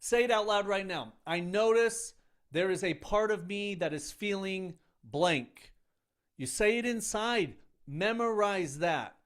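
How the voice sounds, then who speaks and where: A man's voice: high voice, expressive, measured pace. A middle-aged man coaching other men in an earnest, emphatic self-help talk, speaking in short punchy phrases. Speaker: men's coach.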